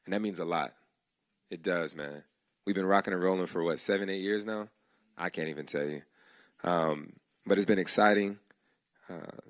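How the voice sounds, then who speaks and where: A man's voice: deep voice, no echo. A man hosting a startup demo day, giving heartfelt, casual, slangy thanks to his team in a live speech before an audience. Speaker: event host giving thanks. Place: event hall before an audience.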